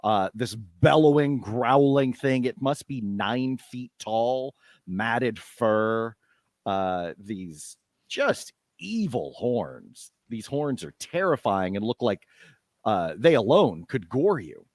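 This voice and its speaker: A man runs a tabletop game as game master, narrating slowly with an animated, swooping pitch. He fills pauses with "uh" as he goes. The sound is dry and close. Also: no room sound. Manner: lively, unhurried, many fillers.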